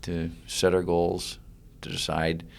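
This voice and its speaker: A male podcast host with a very deep, gravelly voice. He sums up his guest's point in plain, measured words. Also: completely flat delivery. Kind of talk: interview reactions and comments.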